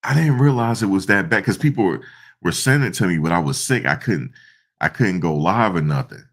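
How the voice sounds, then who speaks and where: A man giving casual, slangy reaction commentary, animated and repeating himself, often breaking into laughter. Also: sits low, fairly quick. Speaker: online commentator.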